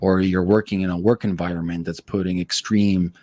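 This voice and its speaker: A man hosting a podcast, telling blunt, profane stories in a fast, hyperactive way. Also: little pitch movement, mellow. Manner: blunt, profane, high-energy storytelling; self-described hyperactive. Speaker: podcast host. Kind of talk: casual interview chat.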